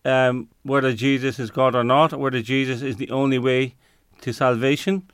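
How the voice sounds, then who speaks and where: A man speaking as a guest on a talk show, his voice smooth and clean and close to the mic with no room sound. He pauses to hunt for words and often restarts his sentences. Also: medium pitch, little pitch movement, dry recording. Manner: searches for words, frequent fillers and restarts. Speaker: interview guest. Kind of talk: conversational interview answer.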